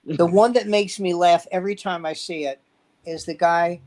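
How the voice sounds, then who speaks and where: A man's voice: sits high, steady tone, moderate pace, darkish tone, low-quality recording. A man, a veteran stand-up comedian, telling rambling anecdotes in casual chat and acting out the quotes.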